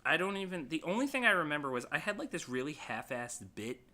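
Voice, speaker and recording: A man's voice: on the high side, very animated, fast talker, bright, forceful tone. A man, co-hosting a podcast in casual chat, telling rambling stories full of swearing. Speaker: podcast co-host.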